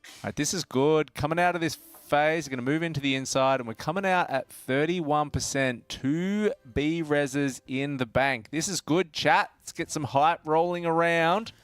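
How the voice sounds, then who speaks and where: A man's voice: a little high, normal speed, clean tone, dry recording, faint music behind. An Australian man casting a live raid stream with upbeat play-by-play calls. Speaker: stream caster. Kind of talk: live game-stream commentary.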